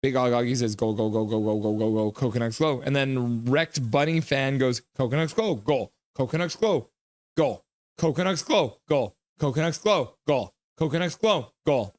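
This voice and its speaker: A man hosting a live hockey reaction stream, reading chat messages aloud, joking and reacting loudly to goals. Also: mid-range voice, moderate pace, no echo. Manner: excitable, reads chat aloud and jokes.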